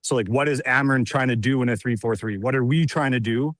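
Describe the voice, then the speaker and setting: A man's voice: mid-range voice, brisk, fairly bright tone, no room sound. A man calling in on a video call, debating earnestly with lots of filler words and hedges. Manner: earnest, hedging with many fillers. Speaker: caller.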